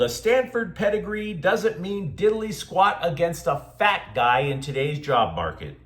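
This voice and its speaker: A man's voice: a little high, fairly bright tone, reverberant. A man hosting a sports show, delivering scripted commentary with sarcastic, mocking asides.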